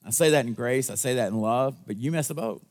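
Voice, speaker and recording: Earnest man preaching a sermon. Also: fast talker. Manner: earnest, conversational preaching with call-and-response asides; acts out quoted voices with big jumps in pitch and loudness. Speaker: pastor.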